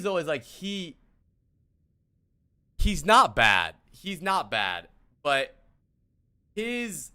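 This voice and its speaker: A man's voice: a little high, bright, forceful tone. A young man streaming as a game coach, talking casually in an exasperated, rambling way, with lots of swearing and restarts.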